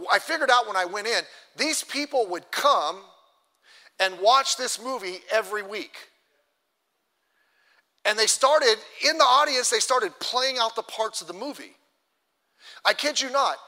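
A man preaching in a church, his voice high-pitched and bright. He tells a story with lively energy, then presses his congregation with repeated questions. The sound hangs in a long hall reverb. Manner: animated storytelling, rising to exhortation. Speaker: pastor. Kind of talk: sermon.

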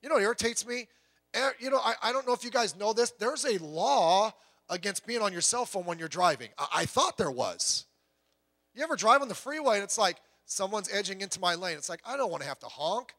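Middle-aged male preacher, high and bright, casual and joking from the pulpit. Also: very animated, fairly quick. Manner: folksy, joking, conversational preaching. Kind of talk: sermon.

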